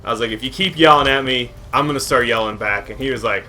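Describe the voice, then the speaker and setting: A young man co-hosting a podcast, telling a work story in a casual, animated way, laughing often, swearing, and acting out both sides of an argument. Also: medium pitch, normal speed. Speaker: podcast co-host. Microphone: podcast microphone.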